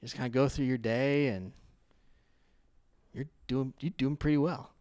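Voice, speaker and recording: A man's voice: medium pitch, normal speed, dry recording. A pastor man preaching, dry sound. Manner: conversational storytelling, laughs often, gets loud and animated telling stories. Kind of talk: sermon. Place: church.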